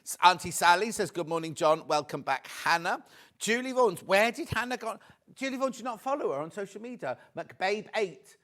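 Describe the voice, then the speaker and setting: Excitable British man presenting live. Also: sits high, brisk. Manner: chatty, excitable, reads out viewer messages. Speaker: shopping channel presenter. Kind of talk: live shopping show chat. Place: TV studio.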